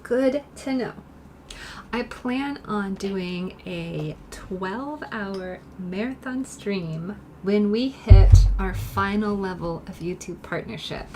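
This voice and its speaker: A woman artist chatting softly to her live-stream viewers while she paints in her studio, turning gushing and grateful when they praise her work. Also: medium pitch, animated, takes it slowly, hardly any pauses, background noise. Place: home art studio.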